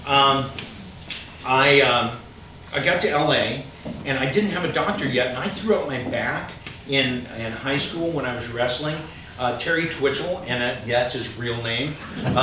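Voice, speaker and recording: A middle-aged man telling humorous personal stories to a live audience, animated and self-mocking, with frequent ums. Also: medium pitch. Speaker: speaker sharing stories at a gathering. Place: large room with an audience. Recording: echoey hall, from far off, with background noise.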